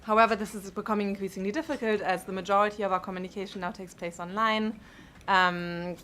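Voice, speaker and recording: A woman's voice: medium pitch, fairly even intonation, a bit bright, slight background noise. German-accented woman giving a conference talk. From Europe. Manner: frequent ums and uhs, measured. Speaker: conference speaker.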